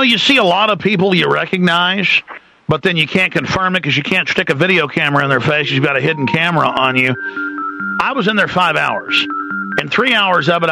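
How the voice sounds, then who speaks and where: A man hosting a call-in radio talk show, brisk and emphatic, at times sarcastic. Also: fairly high pitch, gravelly, poor audio.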